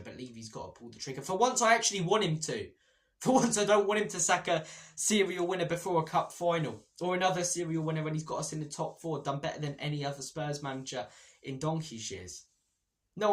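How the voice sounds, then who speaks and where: A young Englishman hosts a football fan debrief, his voice sitting at an ordinary middle pitch. He rants with frustration and dry sarcasm, talking straight to his viewers. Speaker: football fan channel host. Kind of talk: post-match fan debrief monologue.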